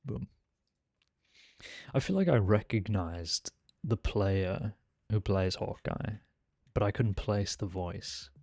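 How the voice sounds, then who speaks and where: A man's voice: fairly low pitch, slow pace, vocal fry, dry recording. A man streaming a role-play game, chatting casually and laughing often as he jokes with another player. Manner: laughs often, relaxed and joking.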